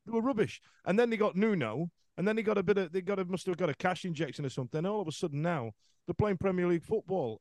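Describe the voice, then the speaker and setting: A man's voice: sits high, expressive, fast, a little mellow, no echo. A man hosting a football podcast in casual chat, rambling with many restarts. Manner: rambling, lots of restarts and fillers.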